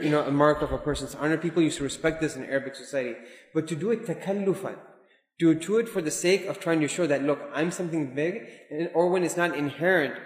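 A man giving an informal religious lesson, talking in a relaxed, digressive way and dropping in Arabic and Urdu terms. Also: fairly high pitch. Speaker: Islamic teacher. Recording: echoey hall with long reverb.

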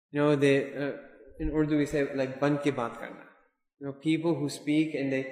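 Male religious teacher, chatty and digressive, mid pitch, roomy reverberant hall. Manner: conversational, digressive, mixes in Arabic and Urdu terms. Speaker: Islamic teacher. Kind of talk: informal religious lesson. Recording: echoey hall with long reverb.

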